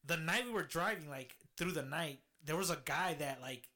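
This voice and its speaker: A man's voice: on the high side, normal speed, pushed and bright. A man telling a road-trip story in a casual chat, swearing freely and laughing as he goes.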